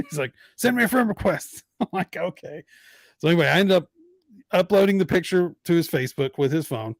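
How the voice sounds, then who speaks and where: Podcast host, man in his 30s, animated storyteller, close dry mic. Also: on the high side, fairly quick, no room sound. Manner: animated storyteller acting out quotes. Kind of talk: casual storytelling chat.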